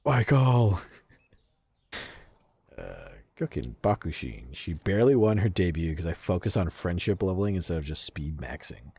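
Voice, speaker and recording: A man's voice: deep voice, big pitch swings, fairly quick, vocal fry, hardly any pauses, mellow, slightly rough, no echo. A man streaming a game and casually chatting with his viewers, swearing freely and laughing often. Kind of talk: casual game livestream chat, reading chat aloud.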